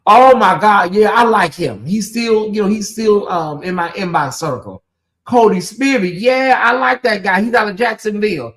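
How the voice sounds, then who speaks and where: High-voiced man hosting late-night gossip. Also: moderate pace. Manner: chatty, addresses viewers directly, animated asides. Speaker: livestream host.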